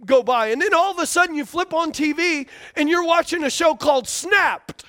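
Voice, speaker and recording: A man's voice: extremely high pitch, brisk, bright, forceful tone. A man preaching a sermon as a pastor, emphatic and repetitive, often asking the congregation for responses.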